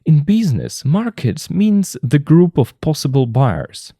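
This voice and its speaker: Slow-speaking male English teacher. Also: fairly high pitch, big pitch swings, mellow, dry recording, studio quality. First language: Russian. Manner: slow, careful explaining. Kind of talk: textbook lesson explanation.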